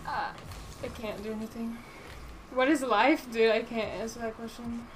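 A woman's voice: a little high, fairly even intonation, normal speed, noisy background. A woman streaming a game live, chatting casually, swearing freely and answering her chat aloud.

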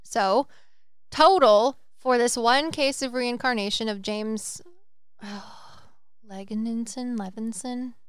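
A woman hosting a podcast, excitedly retelling a story in a rambling, casual way. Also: on the high side, takes it slowly, clear, resonant tone, no echo. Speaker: podcast host. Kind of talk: casual chat.

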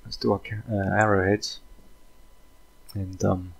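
Gravelly low-voiced man narrating gameplay. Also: a little slow. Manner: relaxed, thinks aloud, rambling asides. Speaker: let's play host. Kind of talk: casual gameplay commentary.

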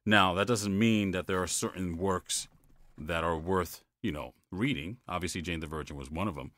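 Deep-voiced man telling animated stories. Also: normal speed, no echo. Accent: New York-New Jersey. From United States. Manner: animated storytelling, says "man" a lot. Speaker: voice actor, guest. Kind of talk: casual interview.

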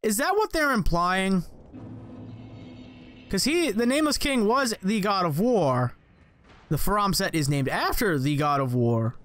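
Excitable high-voiced man yelling at a game. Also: a little slow, pauses often. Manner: excitable, swears and yells at enemies. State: voice cracking. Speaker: gaming channel host. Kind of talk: let's play commentary.

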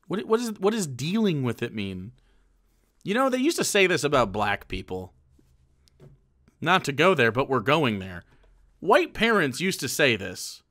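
Animated, sarcastic male streamer. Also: a little high, unhurried, long pauses. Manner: sarcastic, profane, animated rants. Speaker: streamer reacting to a political clip. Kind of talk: live stream commentary.

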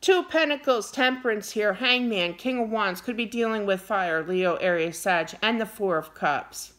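A middle-aged woman giving a casual tarot reading to camera, animated and quick to get wound up and scold playfully. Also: mid-range voice. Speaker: tarot card reader.

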